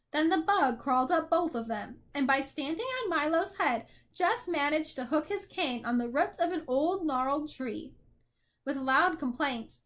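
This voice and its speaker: High-voiced woman reading a story aloud. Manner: expressive storytelling. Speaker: narrator. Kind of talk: reading a children's novel aloud.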